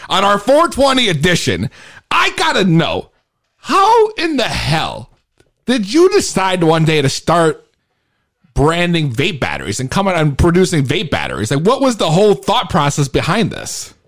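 A man hosting a casual podcast interview, excitable and loose, laughing often and swearing freely. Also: high-pitched, moderate pace. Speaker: podcast host.

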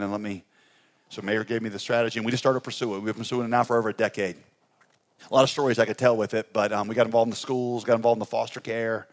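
Male pastor in a storytelling sermon, mid-pitched, animated and conversational, with humor. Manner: pitch rises high when excited, drops low and soft when reflective. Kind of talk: storytelling sermon at a ministry conference.

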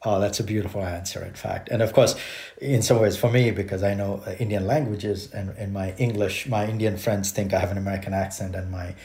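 A man hosting an interview podcast, his voice on the low side. He asks questions in a measured, courteous way. The recording carries a noticeable roomy echo. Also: steady tone, dark tone. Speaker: podcast host.

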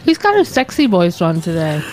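A woman's voice: lowish voice, wildly swooping pitch, brisk, darkish tone, slight background noise. A woman co-hosting a radio talk show, playful and teasing in casual banter. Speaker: co-host.

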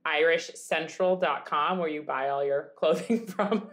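A woman's voice: deep voice, unhurried. A tired woman in her thirties co-hosting a podcast, chatting casually with lots of swearing and "like" fillers. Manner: laid-back, swears often, lots of "like" fillers. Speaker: podcast co-host. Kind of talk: casual chat.

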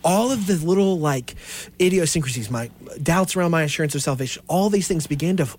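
An earnest man co-hosting a casual theology podcast, his voice sitting a little high for a man. He talks in an animated, storytelling way, building on each point with eager enthusiasm. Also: fairly quick. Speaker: podcast co-host.

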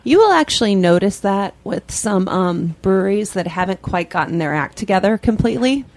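A woman co-hosting a radio talk show. She speaks in a relaxed, easy conversational way. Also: medium pitch, moderate pace. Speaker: co-host. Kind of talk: casual radio chat.

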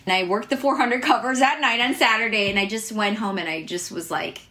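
A woman's voice: a little high, brisk, pushed and bright. An American woman chef telling her story in an interview, chatty and full of fillers and restarts, laughing now and then. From United States.

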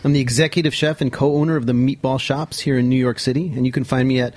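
A man in his late thirties, a chef guest co-hosting a radio show, joking in a dry, deadpan way. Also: mid-range voice, fast talker, no echo. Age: 30s. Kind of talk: casual radio chat. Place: radio studio.

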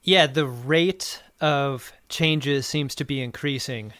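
A man's voice: mid-range voice, takes it slowly, a bit bright, no room sound, clean studio sound. A man with a thin, reedy voice, co-hosting a podcast in a casual, playful way as he recaps and riffs. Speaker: podcast co-host.

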